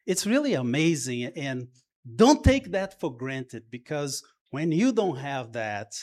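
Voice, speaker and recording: A man from Brazil with a Brazilian Portuguese accent, a pastor preaching a sermon to his church in a warm, halting way with many pauses and restarts. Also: fairly high pitch.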